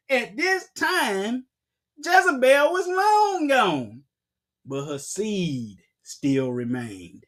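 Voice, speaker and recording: A man with a high voice preaches a Bible-teaching sermon. He puts questions to his listeners and answers them himself. His voice rises into loud, dramatic bursts whenever he reads scripture. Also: wildly swooping pitch, slow pace.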